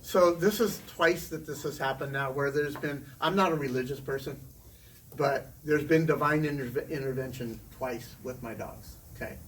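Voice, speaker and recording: Middle-aged man, chatty animated storyteller, recorded from a distance. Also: mid-range voice, moderate pace. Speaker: interview guest, former teacher. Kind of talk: casual storytelling. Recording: distant mic with faint room noise.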